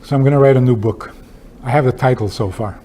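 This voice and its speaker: A man's voice: medium pitch, quick pace, mellow, slight background noise. A man, a rabbi, giving a talk with humorous stories and pointed rhetorical questions in an emphatic, wry manner. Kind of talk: lecture with humorous storytelling.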